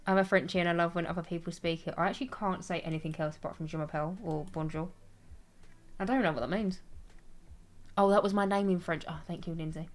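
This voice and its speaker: Her voice fairly low and steady, a young woman streams a game, speaking a little fast but pausing often. She chats casually, reads chat out loud, rambles, and laughs often in a self-deprecating way.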